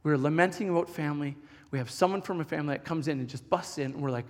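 A middle-aged man preaching a sermon as a pastor, telling stories in an animated, chatty way with many restarts. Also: on the high side, fast. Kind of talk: storytelling sermon. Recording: long hall reverb.

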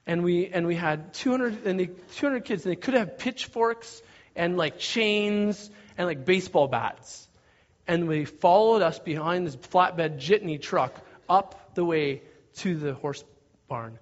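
A man preaching, telling a story in an animated way and shouting out parts of it. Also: high voice, measured pace. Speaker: pastor. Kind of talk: sermon storytelling. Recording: dull lo-fi recording.

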